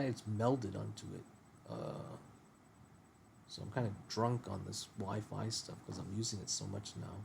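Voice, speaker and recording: A man's voice: lowish voice, gravelly, slight background noise. A man in casual conversation, rambling and thinking aloud as he brainstorms a story idea. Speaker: user talking to a voice assistant.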